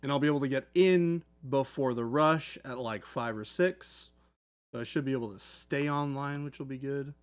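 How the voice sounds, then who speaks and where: A man's voice: mid-range voice, normal speed, echoey room. A man hosting a live hobby stream, chatting casually and joking with the chat. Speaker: livestream host. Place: hobby studio.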